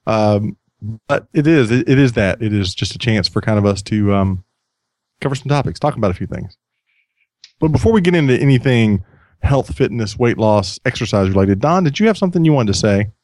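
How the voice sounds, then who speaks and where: A man's voice: fairly low pitch, lively intonation, brisk, a little mellow, no room sound. A man hosting a podcast in casual chat, rambling and self-deprecating, often restarting his sentences. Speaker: podcast host.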